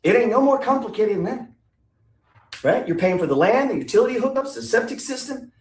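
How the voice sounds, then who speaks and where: A man's voice: very high-pitched, lively intonation, fairly quick. A middle-aged man giving a blunt, profane motivational talk on investing, full of rhetorical questions. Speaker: investing coach. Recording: echoey room, distant from mic.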